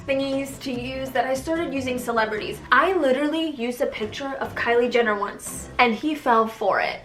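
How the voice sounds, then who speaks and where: A young woman from Tanzania tells a candid, sarcastic storytime vlog with plenty of slang and swearing. Her voice sits high and sounds bright and sharp. The room adds a noticeable echo. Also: far from the mic. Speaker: vlogger. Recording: roomy echo, voice a bit off-mic.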